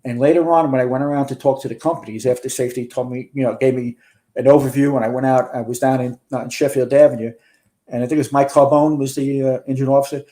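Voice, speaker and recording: A man in his sixties, once a fire chief, tells a long, earnest story about fighting a fire, in close detail, as a guest on a podcast. His warm, mellow voice sits at an ordinary middle pitch, with a steady tone and quick pace.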